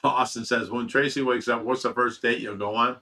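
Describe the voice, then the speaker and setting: A man's voice: mid-range voice, steady tone, brisk, sharp tone. A middle-aged man from Ohio, hosting a casual livestream, reading chat and telling rambling personal stories full of fillers and emotion. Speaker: fish rescue channel host reading live chat.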